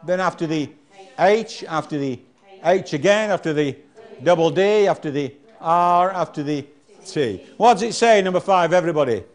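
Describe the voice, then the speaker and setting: A man's voice: a little high, expressive, moderate pace. A man teaching a phonics lesson, sounding out nonsense syllables one by one and calling on the class to answer. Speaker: reading teacher.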